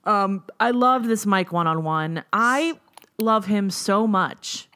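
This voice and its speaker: A woman's voice: medium pitch, lively intonation, slow, sharp tone. A woman co-hosting a podcast, chatting casually and laughing, quoting people in asides. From United States. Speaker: podcast co-host. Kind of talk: casual recap chat.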